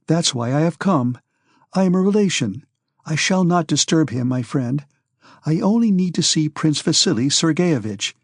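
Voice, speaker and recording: A man voicing an anxious, pleading middle-aged noblewoman who speaks in gentle, imploring tones in an audiobook. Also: fairly high pitch, lively intonation, normal speed, no room sound, studio quality, pitched above the performer's own voice.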